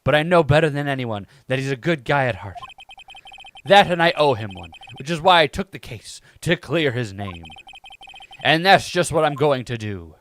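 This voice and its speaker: A man's voice: mid-range voice, animated, moderate pace, fairly bright tone, a little hiss or hum, pitched below the performer's own voice, natural voice. A man voicing an earnest young rookie defense lawyer, narrating his first case matter-of-factly. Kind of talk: game narration read aloud.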